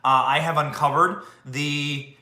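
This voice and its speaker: Bright-voiced, sarcastic male host. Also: fairly high pitch, steady tone, unhurried, echoey room. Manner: sarcastic, ranting, with many fillers. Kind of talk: political commentary show.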